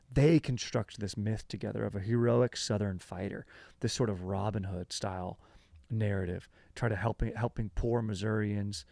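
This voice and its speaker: A man hosting a comedy history podcast in a loose, rambling way, full of fillers and casual slang. His voice sits on the low side with a gravelly fry, and it sounds dry and close to the mic. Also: a little mellow, no echo.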